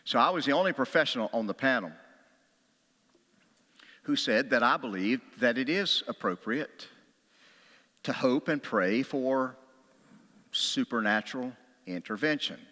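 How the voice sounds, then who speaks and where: A middle-aged pastor delivers a sermon, his bright, forceful voice carrying a long hall reverb. He preaches through stories and acts out quotes, sometimes raised, sometimes whispered. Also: mid-range voice, lively intonation, a little slow, long pauses. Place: church sanctuary.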